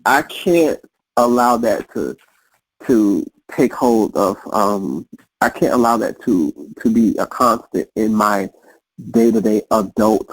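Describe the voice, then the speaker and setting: Podcast guest, male, husky, reflective repeater, dry close sound. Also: fairly low pitch, slow pace, no room sound, rough recording. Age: adult. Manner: reflective, repeats phrases, restarts often. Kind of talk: casual conversation.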